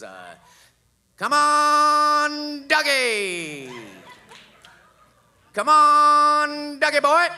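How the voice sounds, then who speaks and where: A man performing a stand-up set on a theater stage, telling a story and doing loud, high impressions of the people in it. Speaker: stand-up comedian. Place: theater stage with live audience.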